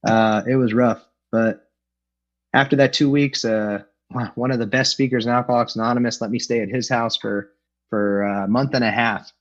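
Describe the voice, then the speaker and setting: A man's voice: mid-range voice, fairly even intonation, normal speed. A middle-aged man sharing his recovery story at an online meeting, candid and self-deprecating, with frequent fillers. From Los Angeles. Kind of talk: personal recovery talk. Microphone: video call. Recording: dull lo-fi online call audio.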